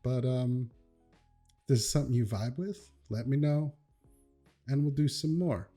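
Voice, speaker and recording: A laid-back young man talks through memes in an easy, chatty way, laughing often. His voice is mellow and soft-edged, at an ordinary middle pitch. Faint instrumental music plays underneath. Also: measured pace. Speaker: YouTuber reacting to memes. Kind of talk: casual reaction commentary.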